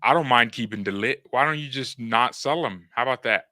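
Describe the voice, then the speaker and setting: A man's voice: mid-range voice, a little fast, bright, forceful tone, no room sound. A young man hosting a fan live stream, joking in slang, talking to his chat and reading news aloud. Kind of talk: casual live-stream commentary.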